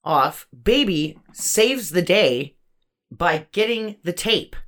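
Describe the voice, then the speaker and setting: A woman trades crude jokes in casual podcast banter about a movie. Her voice sits on the low side but moves up and down a lot. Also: animated, slow, a bit bright. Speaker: podcast co-host. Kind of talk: casual movie recap chat.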